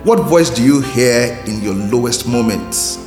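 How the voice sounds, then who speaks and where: A man hosts a slow devotional reflection in an expressive, unhurried, medium-pitched voice. He speaks earnestly and keeps asking questions, with roomy reverb and soft music in the recording.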